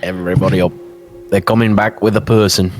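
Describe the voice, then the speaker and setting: A man putting on a sleepy, gruff morning voice to wake his party. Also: sits low, flat delivery, fast, faint music behind, lightly acted. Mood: groggy. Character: groggy man just woken, morning voice.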